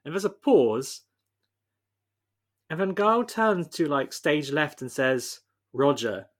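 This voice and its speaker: A man with a fairly high voice chats casually as a podcast co-host. He retells scenes with plenty of laughter. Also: very animated, slow. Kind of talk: casual chat.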